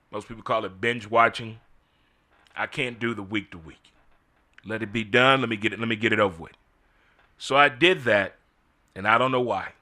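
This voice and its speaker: A middle-aged man hosts a casual solo commentary packed with incredulous rhetorical questions. His voice is medium-pitched with a sharp tone.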